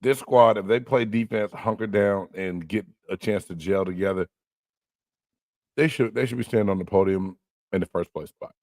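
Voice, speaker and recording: A man co-hosting a sports show, talking in a laid-back, casual way and giving shout-outs. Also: on the low side, moderate pace, no echo. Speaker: sports podcast co-host.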